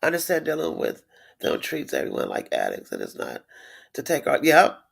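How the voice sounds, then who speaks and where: Her voice sits low, husky and creaky, moving briskly with huge pitch swings as this middle-aged livestream host chats casually with her viewers. She's blunt and indignant, swears freely and repeats words for emphasis, stopping at times to read out and respond to comments.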